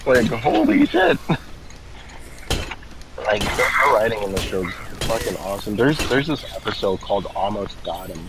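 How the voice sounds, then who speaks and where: A man's voice: lowish voice, a little fast, background noise. A man giving casual gaming commentary, rambling through a story with lots of swearing. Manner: rambling, swears a lot, frequent laughs.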